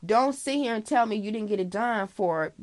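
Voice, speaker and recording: A life-advice vlogger talks at a moderate pace, her mid-range voice full of lively intonation. She is frank and casual with the listener, calling them girl and swearing freely, and her chatty talk is filled with okay and you know.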